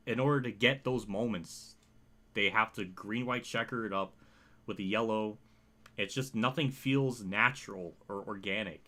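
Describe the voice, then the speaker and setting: A man's voice: fairly low pitch, sharp tone. A man streaming a racing game, talking in a rambling, emotional way and swearing often. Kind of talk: emotional livestream commentary.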